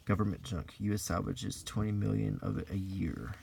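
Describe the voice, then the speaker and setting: A man from the United States softly reading aloud from an old magazine and musing in asides, in a soft-spoken unintentional ASMR style. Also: on the low side, fairly even intonation, moderate pace, creaky, slight background noise. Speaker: host flipping through an old magazine.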